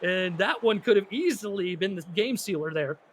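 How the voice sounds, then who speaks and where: Play-by-play man, high-pitched, excitable caller, faint hiss behind. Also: normal speed. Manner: excitable, rises sharply on big plays. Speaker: play-by-play announcer. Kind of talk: live esports football commentary.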